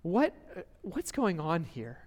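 A young man preaches in a church, his slightly high voice carried by a long hall reverb. He talks earnestly and conversationally, with rhetorical questions and quick restarts. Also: huge pitch swings. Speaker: pastor. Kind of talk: sermon. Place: church sanctuary.

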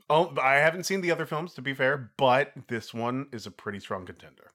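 A man co-hosting a film review podcast, talking casually and laughing easily. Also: mid-range voice. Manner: laughs easily, goofy and lively. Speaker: podcast co-host.

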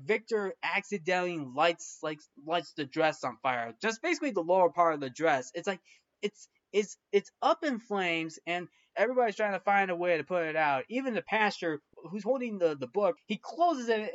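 A man rambles through a casual film recap and restarts his sentences often. His voice sits a little high. The recording is dull and lo-fi. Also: fairly bright tone. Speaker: film reviewer.

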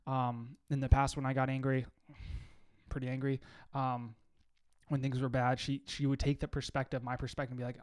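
A man's voice: medium pitch, monotone, normal speed. A young man co-hosting a podcast, talking earnestly and casually with many "like"s and restarts. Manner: earnest, filler-heavy, lots of "like". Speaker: podcast co-host. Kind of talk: casual chat.

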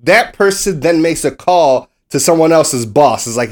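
An American man co-hosting a sports podcast, telling a story in a casual, animated way and acting out the people he quotes. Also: a little high, measured pace, hardly any pauses. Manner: swears casually. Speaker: podcast co-host.

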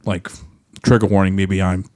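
A man's voice: sits low, little pitch movement, moderate pace, darkish tone, dry recording. Rambling young man, dry sound. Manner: rambling, many restarts and fillers. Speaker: podcast co-host, musician. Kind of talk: candid casual chat.

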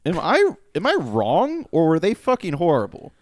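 Male podcast co-host, casual movie talk, very animated delivery, dry close mic. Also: on the high side, moderate pace, no echo. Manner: animated, questioning, swears freely.

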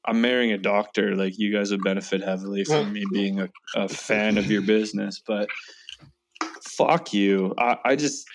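A young man with a lowish voice tells a heated story among friends. He swears constantly and acts out every side of the argument. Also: steady tone, normal speed, slight background noise. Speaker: storyteller in a casual chat. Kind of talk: casual chat.

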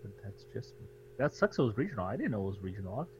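Animated American man, teasing tone. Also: on the low side, racing, lo-fi sound, slight background noise. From United States. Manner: animated, teasing, swears freely. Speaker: podcast co-host. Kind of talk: casual chat.

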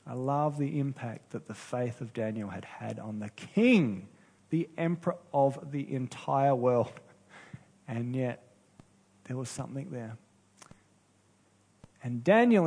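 A man preaching a sermon as pastor, earnest and unhurried, with pauses and restarts. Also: mid-range voice, animated, darkish tone, slightly rough.

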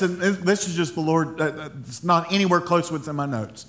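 A man with a high-pitched voice delivers a sermon. He talks in a loose, conversational way, often laughing and stumbling over restarts. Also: moderate pace, hardly any pauses, a bit bright. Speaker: pastor.

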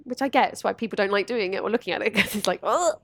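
A woman guest telling candid stories in conversation, animated, laughing and swearing freely. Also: medium pitch, very fast, dry recording. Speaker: podcast guest.

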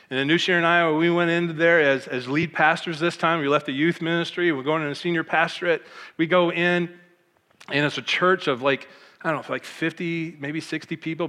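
Telling the story of his life, a middle-aged man from Michigan who works as a pastor gets emotional and animated, performing the voices of others. His pitch sits fairly high, and a long reverb trails after his words.

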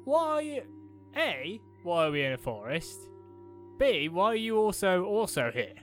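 Wry woman player with animated pitch. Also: normal speed, faint music behind. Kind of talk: in-character tabletop play.

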